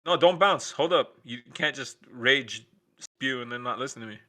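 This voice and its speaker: A man's voice: medium pitch, normal speed, bright, forceful tone. A man hosting a late-night stream, ranting in a profane, sarcastic, rambling way. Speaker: stream host. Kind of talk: casual ranting chat.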